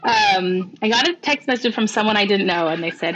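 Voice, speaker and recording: A woman's voice: mid-range voice, animated, brisk, few pauses, fairly bright tone, dull audio. A woman speaking as a podcast guest, telling a heartfelt story in a chatty way and often quoting what others said. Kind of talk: conversational storytelling. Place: lives in Hawaii, roosters audible outside.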